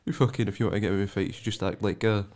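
Glaswegian man with a lowish voice for relaxed, sweary co-host banter. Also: racing. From Scotland. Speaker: podcast co-host. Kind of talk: casual chat.

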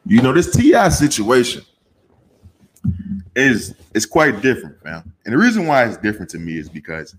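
A man's voice: huge pitch swings, moderate pace, a little hiss or hum. Heated, profane man ranting on a podcast. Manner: profane, heated, gets louder and higher when ranting. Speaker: podcast host. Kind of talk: casual podcast rant.

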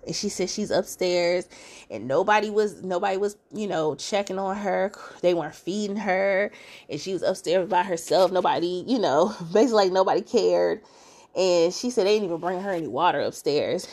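A woman hosting a podcast, giving a casual, chatty recap full of fillers and expressive asides. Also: medium pitch, normal speed. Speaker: podcast host.

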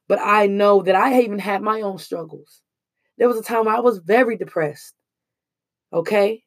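A young woman speaking in an earnest, emphatic monologue, casual and slangy as she shares hard-won lessons. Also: mid-range voice. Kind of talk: emotional personal monologue.

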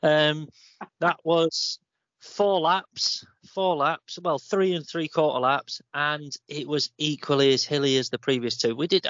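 A man's voice: mid-range voice, a bit bright, no echo. A man, chatting casually as a podcast co-host, rambling and laughing easily. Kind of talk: casual chat. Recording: dull, dry lo-fi sound.

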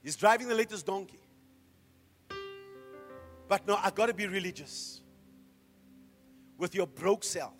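A middle-aged man preaching a sermon as a pastor, firing off rhetorical questions and swinging from hushed to loud. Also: high voice, a little slow, pauses often, faint music behind.

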